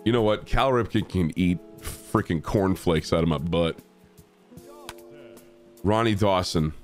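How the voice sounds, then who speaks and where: Young man, deep low voice, stuffy and congested, excitable profane game commentary, faint music behind. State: congested from a cold. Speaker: gaming streamer. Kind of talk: casual gameplay commentary.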